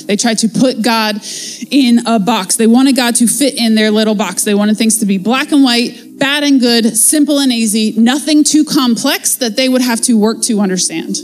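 A woman's voice: fairly high pitch, darkish tone. A woman giving a casual, conversational devotional Bible teaching in a chatty, playful way.

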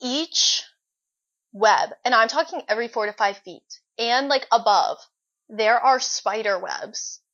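A young woman co-hosting a podcast, telling a story in an animated, dramatic way. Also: a little high, a little slow. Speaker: podcast co-host. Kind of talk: casual chat. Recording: dull lo-fi recording.

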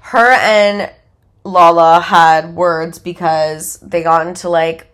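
A young woman recaps a reality show on her podcast, her speech loose and chatty with filler words and frequent laughs. Her voice sits a little low. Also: fairly even intonation, slow, fairly bright tone, clear, resonant tone. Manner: chatty, full of "like" fillers, laughs while telling. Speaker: podcast host.

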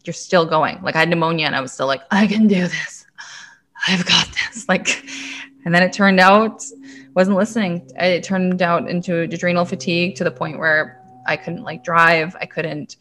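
A woman's voice: lowish voice, steady tone, moderate pace, fairly bright tone. A woman in her thirties from Canada, a podcast guest and intuitive coach telling her own story in a chatty, casual way, swearing freely and saying "like" often.

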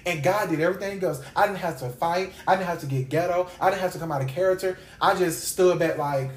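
A man's voice: sits high, fast. Man preaching casually in a roomy space. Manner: repeats phrases for emphasis; conversational, with slangy asides. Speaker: podcast host and Bible teacher. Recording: roomy echo.

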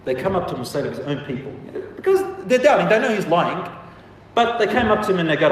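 Guy preaching a story, acts out all the quotes, kinda high voice, far from mic in a big echoey hall. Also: a little fast, a little hiss or hum. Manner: animated, acts out quoted exchanges. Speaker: lecturer. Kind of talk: storytelling religious lecture.

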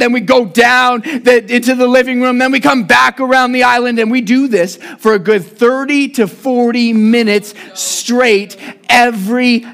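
A young adult man preaching a sermon, praying and telling a lively family story, sometimes shouting as he acts it out. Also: very high-pitched. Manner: animated storytelling, shouting when acting out his son. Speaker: pastor.

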